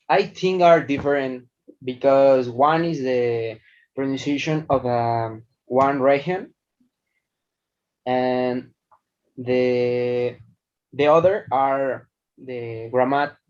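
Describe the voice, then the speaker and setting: A man's voice: medium pitch, very slow, pauses often, darkish tone. A man answering interview questions hesitantly, searching for words and speaking casually. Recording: dull lo-fi recording.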